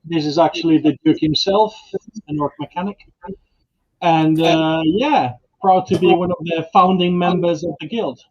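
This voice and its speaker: A man from Italy gives a short, modest introduction as a stream guest. His voice sits a little high. The audio is dull and lo-fi, like a remote call. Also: moderate pace, darkish tone. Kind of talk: casual livestream chat.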